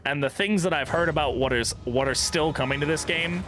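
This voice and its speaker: A man's voice: on the high side, fairly quick, music in the background. A young man streaming a game, chatting casually, swearing freely and laughing often. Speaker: gaming streamer. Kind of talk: casual let's-play commentary.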